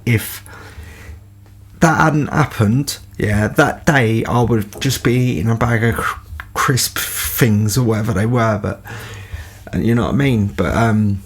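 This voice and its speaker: Casting: man, gravelly and husky voice, rambling storyteller. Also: medium pitch. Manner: rambling, peppered with fillers. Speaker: podcast host telling stories. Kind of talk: casual anecdote.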